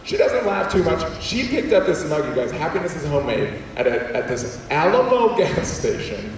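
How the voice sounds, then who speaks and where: A young adult man telling funny stories as a guest speaker in a large school auditorium, animated and acting out quotes in voices. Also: on the high side, moderate pace, a little hiss or hum. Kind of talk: comedic storytelling talk. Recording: echoey hall, distant mic.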